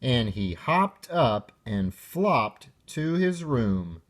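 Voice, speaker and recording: Man reading a kids picture book, super slow, tone goes all over, really plays up the sound words. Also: medium pitch. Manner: expressive, lingering on sound words. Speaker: narrator. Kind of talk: children's picture book read-aloud.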